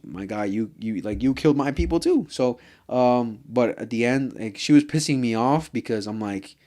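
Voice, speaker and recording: A male vlogger rants casually about an anime, heated and profane, rambling with fillers and restarts and saying "bro" constantly. His mid-range voice is animated and warm, at a normal speed.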